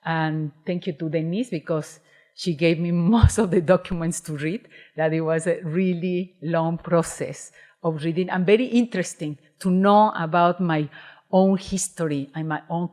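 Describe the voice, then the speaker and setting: A woman's voice: lowish voice, darkish tone. Hesitant Mexican-accented woman lecturer. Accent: Mexican Spanish. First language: Spanish. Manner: hesitant, many restarts and fillers. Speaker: guest speaker, independent curator. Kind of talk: lecture presentation. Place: auditorium.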